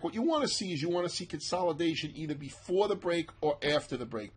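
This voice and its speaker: Husky animated market commentator. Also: male voice, on the high side. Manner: animated, emphatic, self-mocking asides. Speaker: stock market analyst. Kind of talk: casual market commentary over charts.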